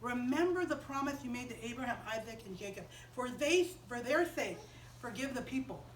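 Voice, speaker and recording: A woman voicing a humble male prophet softly pleading with God. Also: a little high, lively intonation, a little fast, far from the mic, a little hiss or hum, natural voice. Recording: roomy chapel, voice off-mic.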